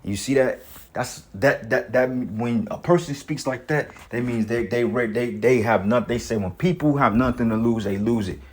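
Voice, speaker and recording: A man's voice: mid-range voice, normal speed. A man reading news stories aloud and commenting between them in a rambling, profane, streetwise way, often repeating and restarting his words.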